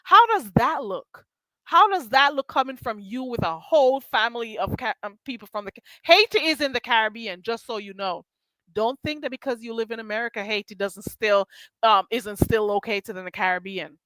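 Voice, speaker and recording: A woman's voice: on the high side, expressive, normal speed, sharp tone, no room sound. A woman hosting a casual commentary show, talking in a blunt, emphatic and profane way.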